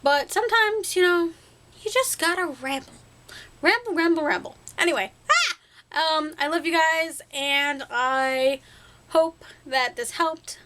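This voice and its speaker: A young woman rambles to her camera in a high voice, chatty and goofy, tossing in made-up words and laughing at herself. Her tone is bright and sharp, and she talks like she is catching up with friends. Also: slow pace, a little hiss or hum. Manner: chatty, silly, self-deprecating, playful made-up words. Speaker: vlogger. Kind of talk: casual rambling to-camera vlog.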